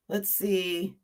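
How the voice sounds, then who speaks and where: A woman in her fifties, hosting a casual livestream and chatting warmly, laughing and greeting viewers one by one. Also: medium pitch. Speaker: livestream host.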